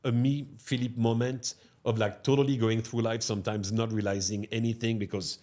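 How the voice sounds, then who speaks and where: Here a middle-aged restaurateur with a French accent spins stories as an interview guest, his lowish voice moving fairly quickly. Animated throughout, he tags his sentences with "no?" and "huh?".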